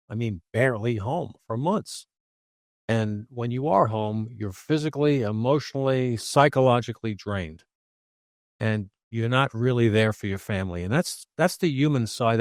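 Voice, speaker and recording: Male co-host, low voice, dry sound, earnest and thoughtful. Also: no room sound. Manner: reflective, earnest. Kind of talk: casual interview chat.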